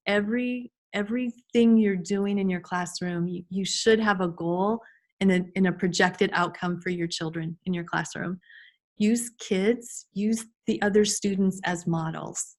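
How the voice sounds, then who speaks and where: A woman giving an informal online class to teachers over a video call, chatty with frequent restarts and fillers. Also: medium pitch. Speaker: early childhood trainer.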